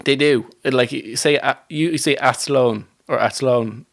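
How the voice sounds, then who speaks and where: A man's voice: medium pitch, normal speed, a bit bright, no echo. An Irish man with a Dublin accent, co-hosting a podcast and arguing his point insistently in casual chat. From Ireland. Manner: argumentative, insistent. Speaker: podcast co-host.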